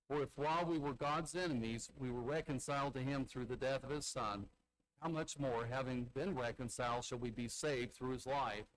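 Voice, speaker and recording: Speaking at medium pitch, a man who serves as a church elder delivers a conversational sermon, retelling a Bible story by voicing its characters' lines and posing rhetorical tag questions to listeners. Audio quality is poor.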